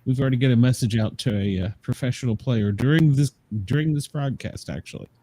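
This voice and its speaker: A man's voice: medium pitch, fast, mellow, rough recording. A man hosting a sports podcast in casual chat, dropping dry, teasing jokes. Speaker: podcast host and business manager.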